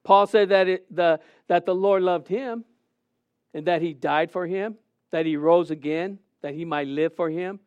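A man's voice: fairly high pitch, darkish tone, smooth, dry recording, dull audio. A middle-aged man preaching a sermon, questioning the congregation and acting out stories.

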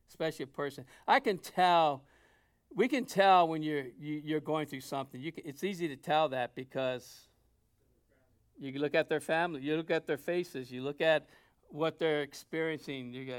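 A man preaching a sermon to his congregation in a conversational way, dropping to soft asides and rising to loud emphasis. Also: fairly high pitch, expressive, normal speed, clear, resonant tone. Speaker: pastor.

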